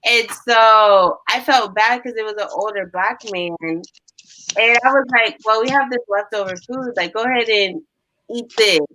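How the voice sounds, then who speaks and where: A young woman chatting casually, telling animated stories and acting out what people said. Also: fairly high pitch, measured pace, noisy background. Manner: animated storyteller, acts out quotes. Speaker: guest. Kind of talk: casual storytelling chat.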